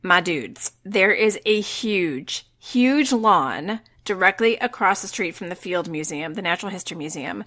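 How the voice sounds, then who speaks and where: A middle-aged woman co-hosting a podcast, telling a personal story in casual chat with lively delivery and casual swearing. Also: fairly low pitch, measured pace, hardly any pauses. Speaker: podcast co-host.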